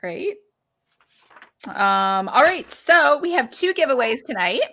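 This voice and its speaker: A woman's voice: fairly high pitch, big pitch swings, slow pace, creaky, sharp tone. A woman hosting a casual online book club chat, reading viewer comments aloud and laughing often.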